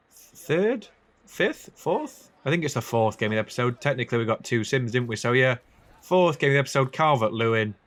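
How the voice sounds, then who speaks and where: A young man casually commentating a football video game, chatty and sweary, with quick asides and self-corrections. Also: medium pitch, a bit bright. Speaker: gaming YouTuber.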